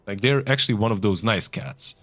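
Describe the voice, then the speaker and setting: A male esports co-caster in relaxed on-air banter, playful and quick to laugh. His voice is on the low side, yet his pitch moves a lot as he talks. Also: dry recording.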